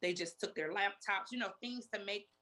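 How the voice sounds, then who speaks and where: Appearing as an interview guest, a woman in her forties tells her personal story with feeling. Her mid-range voice is sharp and moderately paced, and she repeats herself often while quoting past conversations.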